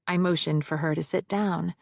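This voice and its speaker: Low gravelly woman audiobook narrator. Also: steady tone, normal speed, dry recording, clean studio sound. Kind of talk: scripted first-person narration.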